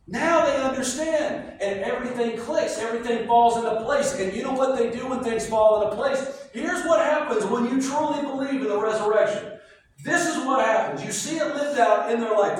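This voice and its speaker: A man preaching a sermon as pastor, animated and telling stories with voiced asides. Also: extremely high pitch. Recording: echoey hall from far off.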